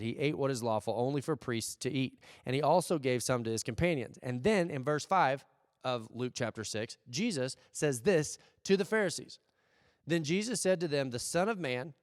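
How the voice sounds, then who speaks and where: A man's voice: mid-range voice, clean studio sound. American guy preaching, chatty and playful, asks the crowd questions, long reverb tail from the hall. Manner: conversational preaching with rhetorical questions and playful acted asides. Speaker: pastor. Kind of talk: sermon. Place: church service.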